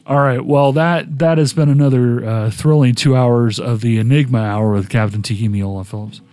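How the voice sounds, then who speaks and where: A man's voice: mid-range voice, steady tone, normal speed, mellow, no room sound. A man hosting a podcast, telling a long, rambling story in casual chat. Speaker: podcast host.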